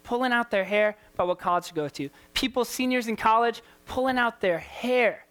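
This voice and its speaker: A man's voice: very high-pitched, fairly quick, a bit bright, clear, resonant tone. A man preaching a sermon as a youth pastor, impassioned and repetitive, firing rhetorical questions at his listeners.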